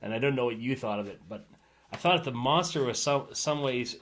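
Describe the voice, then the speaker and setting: A man's voice: medium pitch, a little fast, fairly bright tone. A man brainstorming film ideas as a guest collaborator, eagerly jumping in with suggestions. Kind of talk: casual brainstorming.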